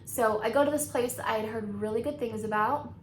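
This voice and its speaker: A woman's voice: on the high side, fairly quick. Chatty, laughing woman vlogger. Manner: chatty, laughs often, many likes and ums. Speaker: beauty vlogger. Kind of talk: casual storytelling while doing makeup. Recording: echoey room with faint noise.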